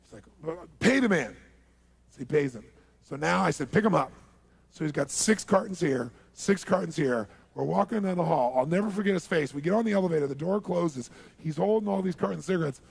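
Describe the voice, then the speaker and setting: Male motivational speaker, gravelly and husky, with animated storytelling. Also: fairly high pitch, fast talker, no room sound. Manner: animated, acts out dialogue, asks the audience for agreement. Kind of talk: seminar storytelling to a live audience.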